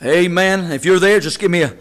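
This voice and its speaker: A man preaching a sermon at a church service, reading scripture in a slow, stretched cadence and building to emphatic shouts before dropping low again. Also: low-quality recording. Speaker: pastor.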